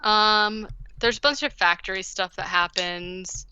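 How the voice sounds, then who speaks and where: A woman's voice: mid-range voice, a little slow, pushed and bright, smooth, dull audio. A woman podcast host casually recapping a movie, rambling with lots of "like" and "um". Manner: rambling, heavy use of "like" and "um".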